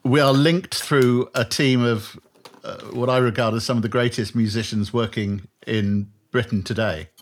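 A man's voice: medium pitch, fairly even intonation, moderate pace. A man hosting an interview, setting up his questions with background detail in an easygoing, conversational way. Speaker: interview host.

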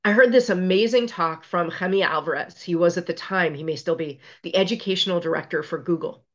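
This is a middle-aged woman speaking as an interview guest, telling personal stories with emphatic, self-deprecating humor. Her voice sits on the lower side and comes through a slightly muffled, lo-fi recording. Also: expressive, moderate pace. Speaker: guest, physician and resilience expert. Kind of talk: conversational interview storytelling.

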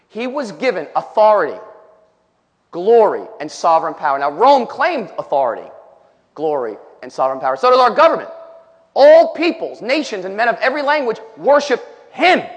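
A man's voice: high-pitched, fairly bright tone. A male preacher delivering an emphatic sermon, reading scripture aloud and commenting between the verses. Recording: long hall reverb.

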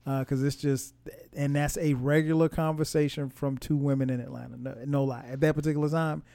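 A man's voice: on the high side, level tone, brisk, creaky, dark tone, no room sound. A man hosting a casual music podcast, rambling with lots of fillers and restarts. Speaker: podcast host. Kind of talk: casual music review chat. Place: home in Atlanta.

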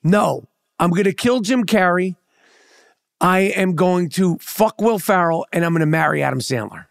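A man's voice: high-pitched, animated, normal speed, vocal fry, no room sound, studio quality. A brash man hosting a podcast, teasing his guest with profane casual chat. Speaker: podcast host.

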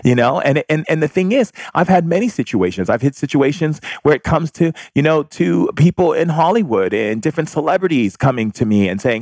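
A man's voice: a little high, expressive, fairly quick, darkish tone, no echo. A man speaking frankly in a casual advice monologue, telling personal stories and acting out quoted exchanges. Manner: frank and direct, acts out quoted dialogue.

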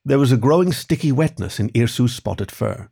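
A man hosts a story podcast and narrates the tale himself. His reading is expressive, with a lively, swinging pitch, and his voice sits in an ordinary male range. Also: normal speed, creaky, slightly rough.

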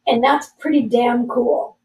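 A woman's voice: on the high side, steady tone, unhurried, darkish tone. A woman in her forties, a podcast guest telling a personal story candidly, earnest and emotional with self-deprecating humor. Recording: voice a bit distant from mic.

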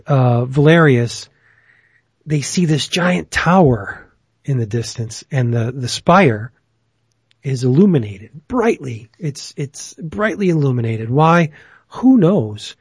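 A man's voice: medium pitch, animated, slow pace, a little mellow, slightly rough, no room sound. A man hosting a casual chat who rambles enthusiastically, with plenty of fillers. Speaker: podcast host.

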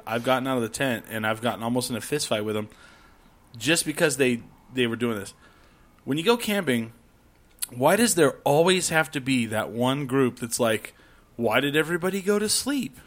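A man's voice: mid-range voice, a bit bright. A man chatting casually, rambling through camping stories, swearing freely and acting out rowdy campers. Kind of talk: casual chat.

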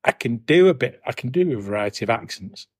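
A man co-hosts a gaming podcast in an easygoing, chatty way, often ending his points with tag questions. His voice is husky, at an ordinary pitch for a man. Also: expressive, fast talker. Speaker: podcast co-host. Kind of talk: casual chat.

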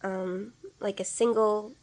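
A woman's voice: mid-range voice, steady tone, takes it slowly, darkish tone. A woman in casual conversation, telling stories in a laid-back way and reacting with easy laughter. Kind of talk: casual chat.

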